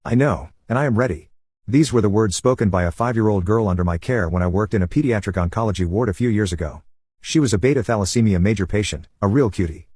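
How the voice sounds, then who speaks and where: Husky low-voiced man reading stories. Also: no echo, studio quality. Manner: even, unhurried reading with no fillers. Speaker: narrator. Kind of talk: reading online stories aloud.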